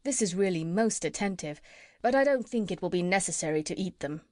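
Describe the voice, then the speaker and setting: A woman's voice: fairly low pitch, animated, brisk, no room sound, studio quality, natural voice. Woman reading as a courteous kindly doctor. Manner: gentle, courteous. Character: kind, polite middle-aged animal doctor.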